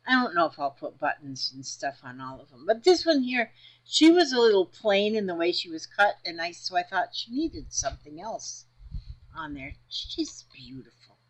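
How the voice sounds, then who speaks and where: A woman's voice: mid-range voice, sing-song, moderate pace, low-quality recording. A woman chatting casually about her quilting fabric, rambling and talking half to herself. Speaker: crafting vlogger. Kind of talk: casual crafting vlog.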